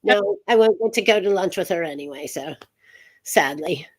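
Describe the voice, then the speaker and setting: A woman's voice: fairly low pitch, moderate pace, darkish tone, husky. A woman hosting an interview show, chatty and rambling, laughing often between remarks. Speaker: host. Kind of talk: casual chat show interview.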